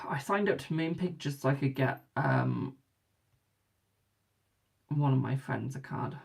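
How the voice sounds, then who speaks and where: Low gravelly-voiced British woman reading tarot. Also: expressive, slow pace. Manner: chatty, calls viewers darling and boo. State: yawning, a bit tired. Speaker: tarot card reader hosting a live stream. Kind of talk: casual live-stream chat and readings.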